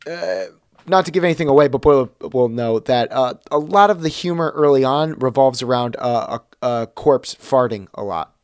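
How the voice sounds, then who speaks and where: A man at a mid pitch chats casually as a podcast co-host. He runs the segment clock in a relaxed, easy way. His voice is close and dry, with no room sound around it. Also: moderate pace, clean tone, no room sound.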